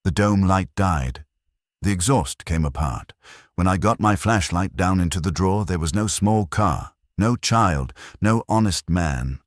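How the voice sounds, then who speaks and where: A man with a remarkably low, heavy voice narrates a first-person horror tale. He speaks in a measured, somber, confessional way. The sound is dry and close, with no room echo. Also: animated.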